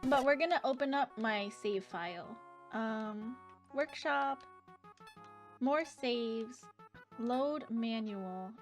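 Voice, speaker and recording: A woman's voice: sits high, lively intonation, unhurried, faint music behind. A young woman streaming live, chatting casually with her viewers and reading out their messages between bursts of giggling. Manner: chatty, reads chat aloud, giggly.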